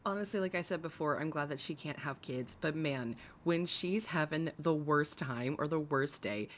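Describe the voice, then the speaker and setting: A woman's voice: low voice, moderate pace, a little hiss or hum. A woman hosting a casual commentary livestream, chatty and gossipy, swearing freely and greeting viewers by name. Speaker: livestream host.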